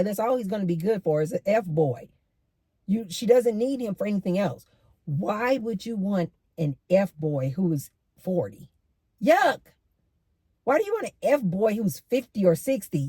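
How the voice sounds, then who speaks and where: A middle-aged woman hosting a casual storytelling commentary, animated and emphatic, repeating lines for effect. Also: mid-range voice, breathy edge, no echo. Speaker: host.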